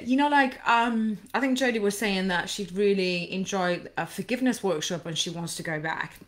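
A woman's voice: mid-range voice, normal speed, few pauses. A woman coaching people through anxiety in a casual live stream, bubbly and effusive, rambling with many fillers as she reacts to viewer comments.

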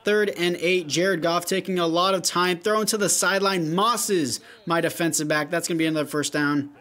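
A man's voice: high-pitched, steady tone, normal speed, fairly bright tone. A young man giving casual play-by-play commentary over a football video game, calling plays like a sports announcer with offhand asides to his viewers. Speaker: gaming YouTuber. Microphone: gaming headset.

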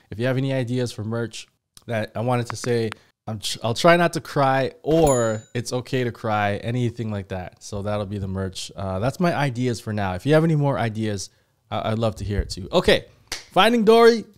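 A man at a middle pitch hosts a movie reaction show. He chats casually and excitedly with his viewers. He rambles, restarts sentences and fills his pauses. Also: slight background noise. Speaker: host of a movie reaction channel.

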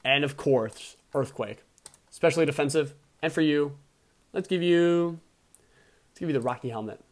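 A young man hosting a casual game breakdown in an average-pitched voice. He is excitable and veers between low mumbling asides and loud, worked-up outbursts. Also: brisk. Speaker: video host and league player.

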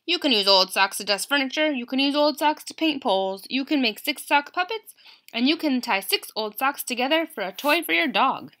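A clever storybook machine patiently lists its answers one after another, as a woman reads it aloud. Its voice sits on the high side and carries clearly to young listeners. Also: moderate pace. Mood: helpful. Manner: calm listing of answers. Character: helpful talking homemade machine, patient and clever.

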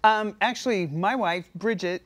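A woman guest on a daytime talk show, chatting warmly and getting emotional, often breaking into laughter. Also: mid-range voice, normal speed. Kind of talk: casual chat. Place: TV studio.

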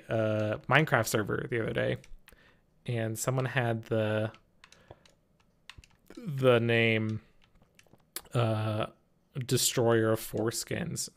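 A man streaming a game from home, talking to his chat in an unhurried, gravelly voice. He sounds apologetic and flustered and laughs a lot, with keyboard clicks faintly behind him. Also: medium pitch, fairly bright tone. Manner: chatty, reads and answers chat. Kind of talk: casual live-stream chat while gaming.

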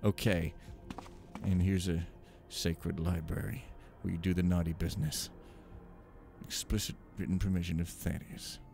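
A man's voice: deep voice, flat delivery, a little slow, gravelly, darkish tone, faint music behind. A man hosting a let's play, chatting casually and jokily, and reading in-game stories aloud in a dramatic storytelling voice. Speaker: gaming channel host.

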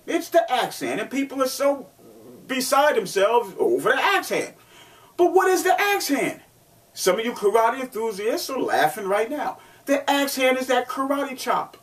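Male martial arts instructor, pushy and repetitive, voice on the high side and a bit distant from the mic. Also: fairly bright tone. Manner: emphatic, repetitive, rhetorical questions. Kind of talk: instructional video talk.

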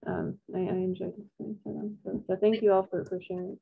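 A woman guest on a video call praises the students warmly, stumbling and repeating her words as she goes. Her voice sits at an ordinary middle pitch. It comes through thin and tinny, like a phone line. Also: level tone, a little fast, gravelly, slightly rough. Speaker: guest speaker. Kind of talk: casual chat on a video call.

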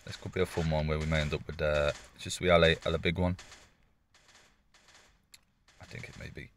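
A man with a gravelly morning voice, chatting casually and swearing as he comments on his gameplay. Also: a bass voice, level tone, fast, fairly bright tone, a little hiss or hum. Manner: chatty, swears often, jokey asides. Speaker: gaming YouTuber.

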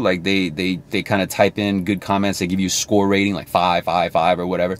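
A man's voice: low voice, level tone, a little fast. A man talking casually to camera as a sales coach, chatty and thinking aloud as he explains.

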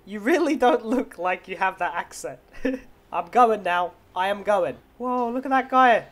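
This is an excitable young man, narrating his own game role-play as a tow truck driver. His voice sits fairly high for a man, and he teases the other players and laughs easily. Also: a little slow. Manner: excitable, teasing, laughs often. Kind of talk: role-play gameplay commentary.

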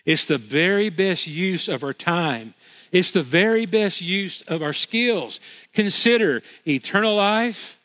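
A man's voice: a little high, fairly bright tone. A man preaching a sermon as pastor, earnest, repeating phrases for emphasis with frequent restarts. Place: church sanctuary. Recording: long reverb of a church hall.

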